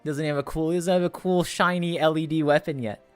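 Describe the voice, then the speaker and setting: A man's voice: fairly high pitch, steady tone, fast, faint music behind. A man chatting casually to his viewers while playing a game live. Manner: chatty, rambling, talks to chat. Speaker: streamer. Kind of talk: casual live gameplay chat.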